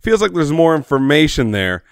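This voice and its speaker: A man's voice: fairly high pitch, sing-song, normal speed, clear, resonant tone, no room sound, clean studio sound. A man playing in a tabletop role-playing game, joking casually with the group. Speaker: player.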